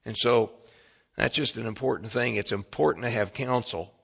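A man preaches a sermon from the pulpit. His voice is bright and forceful, and he swings between quiet and loud stretches. The recording is dull and lo-fi. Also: mid-range voice, normal speed, vocal fry, breathy edge. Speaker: pastor.

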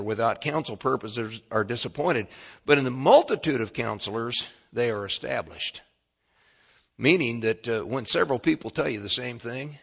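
A man preaching a sermon as pastor, emphatic and swinging between quiet and loud. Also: mid-range voice, vocal fry, husky. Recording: dull lo-fi recording.

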